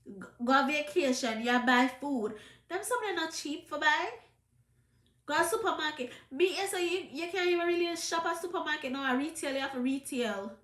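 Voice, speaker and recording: A woman's voice: sits high, fairly quick, a bit bright, reverberant. A Jamaican woman with a trace of a British accent, giving an emphatic, scolding commentary to camera in patois. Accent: Jamaican, with some British. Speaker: vlogger.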